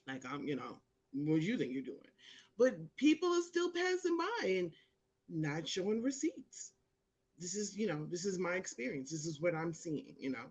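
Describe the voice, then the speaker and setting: A woman hosting her own live show, chatting casually to viewers and telling a story, acting out the people in it with big jumps in voice. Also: slightly rough. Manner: animated storyteller, acts out quotes with big pitch jumps.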